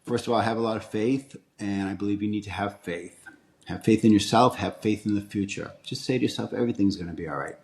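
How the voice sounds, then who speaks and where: A man's voice: on the low side, steady tone, brisk, darkish tone. A man in his sixties with a Boston accent, a guest in an interview, talking in an upbeat, joking and reflective way. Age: 60s. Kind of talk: conversational interview.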